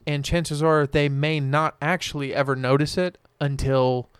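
Young male podcast co-host, smooth clear voice, dry close sound; loose, rambling, profane chat. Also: a little high, steady tone, unhurried, no echo. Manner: rambling, swearing, keeps losing his train of thought. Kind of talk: casual chat.

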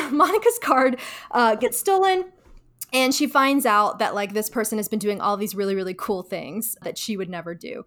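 A woman in casual podcast chat, retelling a TV episode with lots of fillers and acting out the quoted lines. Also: fairly bright tone. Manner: chatty, lots of "like", acts out quoted lines in higher voices. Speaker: podcast co-host giving advice.

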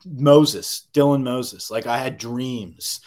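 Podcast co-host, man, profane and fired up, mid-pitched voice, casual sports talk. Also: takes it slowly, a loud crowd. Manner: profane, animated, riled up.

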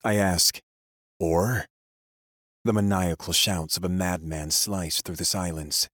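A man with a low, husky voice narrates a first-person story from a script. His telling is steady, grim and measured. The recording is dry and close, with no room sound. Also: dry recording.

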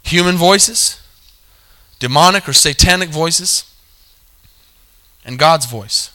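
A man's voice: fairly high pitch, animated, slow, bright, forceful tone. A man preaching a sermon, calling for amens, repeating his points and correcting himself mid-sentence. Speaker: pastor.

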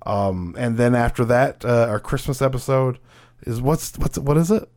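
A man's voice: mid-range voice, normal speed. Casual profane podcast host man. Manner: profane, laughing, trailing off quietly. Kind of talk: casual chat.

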